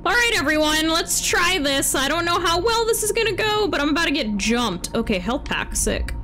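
A young woman giving playful, animated commentary while playing a game. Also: very high-pitched, moderate pace. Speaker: gaming streamer. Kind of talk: casual let's-play commentary. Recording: game music and sound behind.

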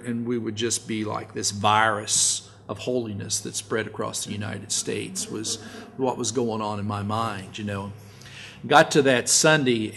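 A middle-aged man preaching a sermon, telling stories in a folksy way and rising loud and high to stress his points. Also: slight background noise. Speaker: pastor.

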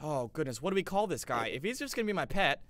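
A man's voice: a little high, fast. A young man live-streaming a survival game, chatting with his viewers and yelping when things go wrong. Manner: excitable, yelps and laughs at danger, chats to viewers. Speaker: gaming streamer. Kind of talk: live-stream gameplay commentary.

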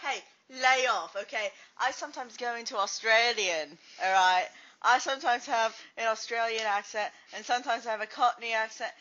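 A woman's voice: medium pitch, pushed and bright, highs cut off. A woman voice actor joking, swearing and teasing between takes of a fan dub. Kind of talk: blooper banter between takes.

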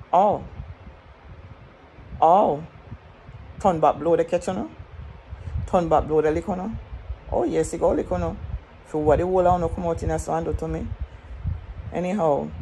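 A Jamaican woman ranting to her viewers in a defiant, scolding way, her voice jumping up high when she gets riled. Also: mellow, a little hiss or hum, poor audio. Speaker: vlogger. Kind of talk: heated rant to camera.

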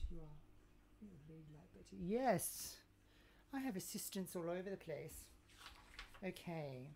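A woman's voice: on the low side, darkish tone, slight background noise. A woman hosting a casual live cooking stream from her kitchen, camp and cheeky, chatting and reading viewer comments aloud. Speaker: cooking livestream host.

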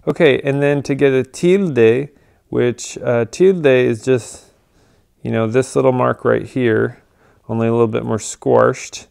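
A man giving a casual computer tutorial, relaxed and full of ums and uhs. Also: mid-range voice, measured pace, creaky, clear, resonant tone. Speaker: tutorial presenter.

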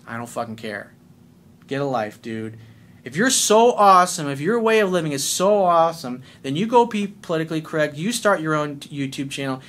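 A middle-aged man with a somewhat high-pitched voice speaks in a blunt, combative monologue. He swears freely and hammers his points home with emphatic, confrontational delivery. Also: a bit bright. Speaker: life coach.

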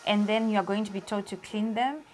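A woman's voice: mid-range voice, steady tone, fairly quick, a little mellow. Playful woman chatting over music. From Zambia. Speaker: cooking vlog host. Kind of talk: casual cooking chat with banter. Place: home kitchen. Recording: background music under the talk.

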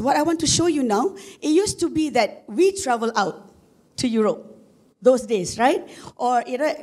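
A woman with a Malaysian English accent and a husky voice, giving a chatty conference presentation with many fillers and restarts. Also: high voice, a little mellow. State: husky voice from dust. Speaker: conference speaker, marketing executive. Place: conference room.

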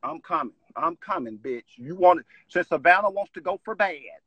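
A man's voice: a little high, lively intonation, moderate pace, bright, forceful tone, breathy edge, no room sound, rough recording. A man ranting on a live stream from home into his phone, agitated, repetitive and profane.

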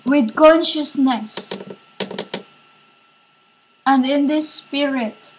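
A woman giving a rambling spiritual monologue as a self-styled preacher, halting and repetitive, often calling her listeners "women". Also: high voice, a little hiss or hum, low-quality recording.

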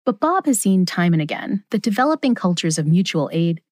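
A woman hosting a podcast, reading scripted narration in a lively, expressive way. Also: on the low side, a little fast, no echo, clean studio sound. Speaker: podcast host. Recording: music bed underneath.

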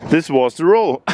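A man whose first language is German, narrating his film photography vlog outdoors on a city street, unhurried and enthusiastic, thinking aloud as he shoots. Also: medium pitch, slight background noise.

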